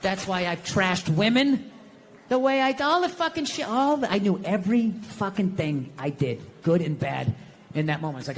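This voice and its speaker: A man doing stand-up comedy in an American accent, ranting and sarcastic, swearing a lot and swinging between muttered asides and yelling. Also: high voice, lively intonation, normal speed, long reverb tail, slight background noise, poor audio.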